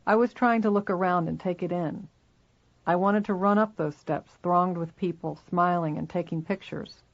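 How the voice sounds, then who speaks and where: A steady, measured reader narrating a first-person memoir. The voice has a gravelly, creaky texture. The recording sounds dull and lo-fi. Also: mid-range voice.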